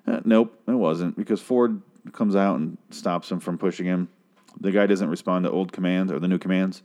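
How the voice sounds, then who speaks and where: Low voiced guy ranting thru a tv recap, sarcastic, lots of swearing. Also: steady tone, moderate pace, darkish tone. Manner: rambling, sarcastic, swears a lot. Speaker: TV episode recapper. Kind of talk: casual episode recap.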